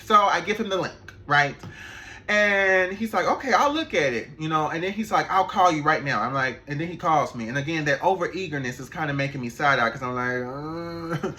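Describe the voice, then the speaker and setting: A man, an animator, telling a story in a casual, animated vlog, laughing and swearing as he goes. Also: fairly high pitch, moderate pace.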